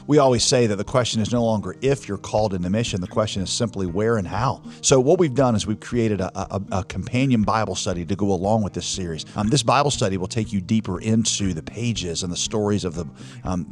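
A male pastor talking casually, relaxed, with fillers and small restarts. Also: on the low side. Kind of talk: casual studio chat.

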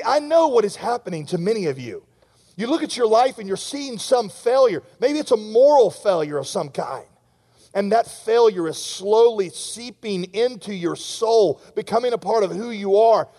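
Man preaching, high voice, earnest, direct rhetorical questions, long hall reverb. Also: mellow. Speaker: pastor. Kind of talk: sermon.

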